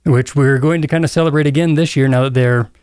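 A man hosting a podcast in casual chat, chatty, laughing easily and throwing in quick asides. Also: medium pitch, fairly even intonation, darkish tone, no echo, clean studio sound. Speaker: podcast host.

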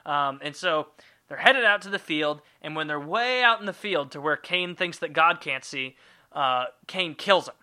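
A man's voice: fairly high pitch, expressive, moderate pace, pushed and bright, smooth. A man hosting a podcast, retelling a story in a profane, irreverent and rambling comedic way. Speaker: podcast host.

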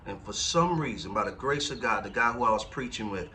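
A man's voice: lowish voice, expressive, a little fast, sharp tone, recorded from a distance, slight background noise. A man in his forties preaching a conversational sermon as pastor, often checking in with the congregation through rhetorical questions. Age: 40s.

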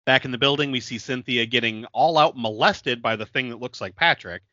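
Man, podcast co-host, casual film recap, laughs a lot, bright tone, dry dull lo-fi sound. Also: mid-range voice, fairly quick, dry recording. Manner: laughs often, fills talk with "like".

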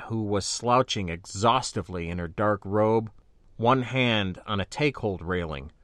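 A man's voice: fairly low pitch, no echo, studio quality. A man narrating a science fiction story in the first person. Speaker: audiobook narrator.

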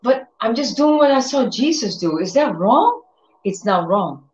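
A woman giving an informal sermon, telling lively stories and acting out what people say in other voices. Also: fairly high pitch, unhurried. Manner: animated storyteller who acts out quotes in other voices. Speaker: preacher. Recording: roomy, dull lo-fi sound.

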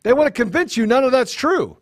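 A man's voice: very high voice, very animated, fairly quick, dry recording, studio quality. A man co-hosting a talk show, speaking with fervent, repetitive emphasis that builds to anger. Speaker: co-host.

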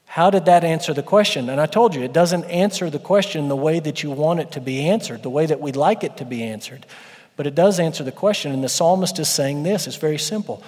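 A man's voice: on the high side, a little mellow. A preaching man with a raised voice in a reverberant hall. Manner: emphatic preaching with dramatic pauses. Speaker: pastor. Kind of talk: sermon. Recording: long church-hall reverb.

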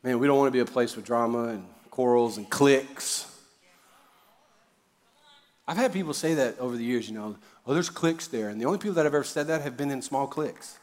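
A man preaching a sermon as a pastor, conversational and joking, with sudden loud emphasis on key words. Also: mid-range voice, fairly quick. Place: church auditorium. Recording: reverberant large hall.

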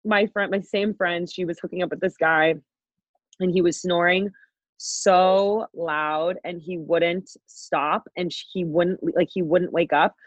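A woman's voice: lowish voice, steady tone, measured pace, no room sound, highs cut off. Laughing, swearing young woman podcaster. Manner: laughs a lot, swears freely, rambling storytelling. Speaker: podcast co-host. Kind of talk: casual chat.

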